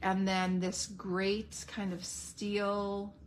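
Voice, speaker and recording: A woman hosting a craft unboxing video. She gushes over each item and pauses to think aloud when she needs a word. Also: mid-range voice, flat delivery, a little hiss or hum. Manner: enthusiastic, gushing over products. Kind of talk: unboxing product demo.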